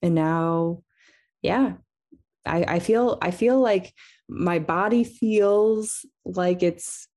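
Mellow, low-voiced woman hosting a podcast. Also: very slow. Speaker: podcast host. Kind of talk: casual chat and sign-off.

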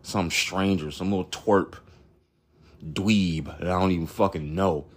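A man's voice: sits low, fairly even intonation, a little slow, husky. A man in his thirties hosting a podcast, telling a long story in a rambling, blunt and profane way, full of fillers. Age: 30s. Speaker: podcast host.

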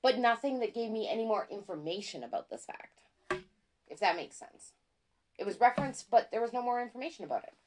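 Animated, chatty woman podcast host. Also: fairly high pitch, fairly quick, over music. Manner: excitable, self-deprecating, chatty. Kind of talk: casual chat.

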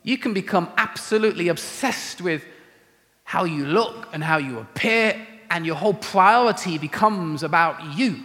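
A man preaching a sermon to a church, casual and animated, with conversational asides. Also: high-pitched. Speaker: pastor. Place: church auditorium. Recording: reverberant hall.

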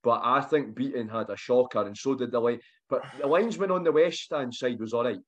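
A man's voice: mid-range voice, fairly quick, fairly bright tone. Scottish man on a dull lo-fi mic. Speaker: podcast co-host. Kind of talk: casual football chat. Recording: dull lo-fi sound.

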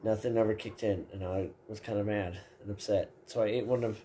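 A man's voice: fairly low pitch, steady tone, brisk, mellow, a little hiss or hum. A man hosting a podcast, casually telling stories in a laid-back way and laughing along. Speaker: podcast host. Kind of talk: casual chat.

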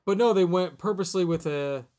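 A man's voice: sits high, fairly quick, a little mellow. A man co-hosting a podcast, talking casually about a movie and rambling through restarts. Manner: rambling, restarts, says "like" a lot. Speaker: podcast co-host.

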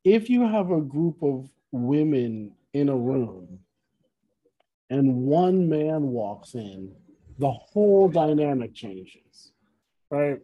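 A man's voice: mid-range voice, slow, lo-fi sound. A man in casual conversation, telling a story with lots of restarts and asides. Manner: rambling, self-correcting, animated retelling. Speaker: podcast co-host, musician.

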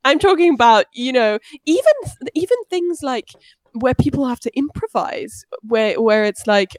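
A woman's voice: sits high, brisk, no echo. A woman co-hosting a podcast, telling stories in casual chat and acting out quotes. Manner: expressive, acts out quotes, laughs. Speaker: podcast co-host.

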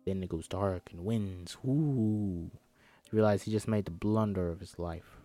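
A man's voice: on the low side, moderate pace, a little mellow, dry recording, clean studio sound. A man reads a film script aloud and breaks off for jokey, swearing asides, acting out the characters' lines as he goes.

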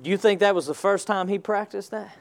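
A man preaching a sermon, calling on the congregation to answer back and stressing points with slow, emphatic delivery. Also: high-pitched, gravelly. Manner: call-and-response preaching, rising to emphatic shouts.

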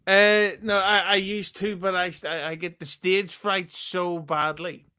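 A man, a podcast guest trading deadpan, absurd jokes in casual chat. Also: high-pitched, a little slow, smooth. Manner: joking, absurd deadpan quips.

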